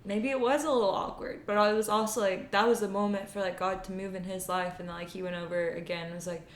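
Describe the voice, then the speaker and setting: A woman's voice: medium pitch, fairly even intonation, quick pace. A young woman co-hosting a casual faith podcast, telling stories earnestly with lots of "like" fillers. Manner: earnest storytelling, many "like" fillers. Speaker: podcast co-host. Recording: echoey room with faint noise.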